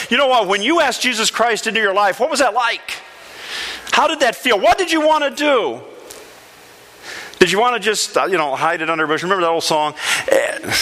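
A man's voice: high voice, animated, moderate pace, pushed and bright. A pastor preaching a sermon to his church, emphatic, repeating phrases and putting questions to the congregation. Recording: reverberant church hall.

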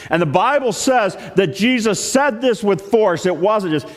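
A man pastor preaching a storytelling sermon, animated, dropping to hushed tones and rising to loud exclamations. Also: high-pitched, measured pace. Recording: long hall reverb.

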